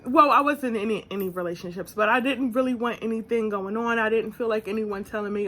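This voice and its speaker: A young woman with a fairly high voice tells a personal story to her viewers in a casual vlog. She is animated, laughs easily and slips into the voices of the people she quotes. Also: a little fast. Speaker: vlogger.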